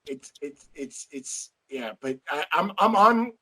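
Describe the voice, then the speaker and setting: A man's voice: a little high, lively intonation, slow, sharp tone, slightly rough, rough recording. A man co-hosting a casual film discussion podcast, hesitant and often repeating words as he thinks. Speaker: podcast co-host.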